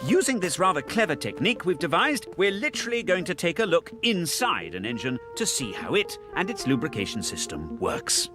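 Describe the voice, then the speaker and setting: A pompous, easily flustered professor in an animated ad. His pitch swings widely as he lectures in a formal, prim manner, slightly high. Music plays underneath. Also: brisk, few pauses. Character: fussy pompous British male professor. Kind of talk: animated ad voice acting.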